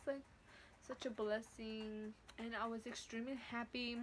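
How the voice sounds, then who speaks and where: A woman's voice: on the high side, level tone, unhurried, a little hiss or hum. A teenage woman vlogger telling a casual story from home, blunt and profane with lots of slang. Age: teens.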